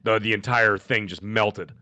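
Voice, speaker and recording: A middle-aged man co-hosting a gaming podcast in casual chat, animated and jokey, acting out the people he quotes. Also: fairly low pitch, measured pace, no echo, highs cut off. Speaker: podcast co-host.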